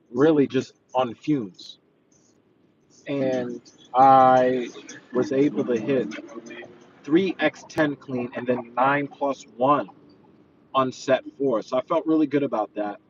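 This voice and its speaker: A man's voice: medium pitch, slow, long pauses, dull audio, background noise. A man who works as a personal trainer, chatting casually while he drives, earnest and rambling with lots of fillers. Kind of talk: casual driving vlog, talking while he drives. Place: inside a car.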